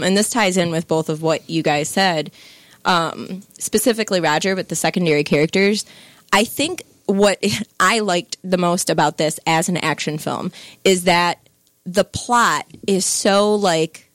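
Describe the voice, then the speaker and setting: A woman talks loosely and playfully about a movie, with lots of "like" and quick asides. The recording is dry and close. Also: fairly low pitch, no echo. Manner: chatty, many fillers, playful asides. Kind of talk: casual film discussion.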